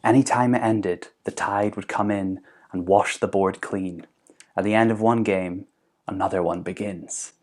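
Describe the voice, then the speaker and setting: A man doing a slow, hushed scheming rival. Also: lowish voice, steady tone. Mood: quietly menacing. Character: cold scheming grown man, politician rival.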